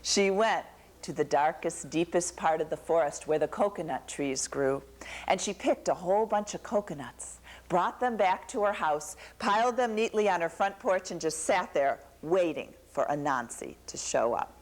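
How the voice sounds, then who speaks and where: A woman telling a folktale to a young audience, animated and asking them questions. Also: on the low side, moderate pace. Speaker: storyteller.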